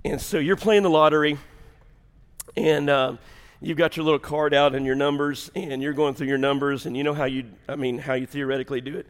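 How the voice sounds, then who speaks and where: A man preaching a sermon as pastor, swinging from loud shouts down to hushed near-whispers and laughing at his own jokes. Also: on the high side, level tone, a little fast. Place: church sanctuary. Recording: long hall reverb.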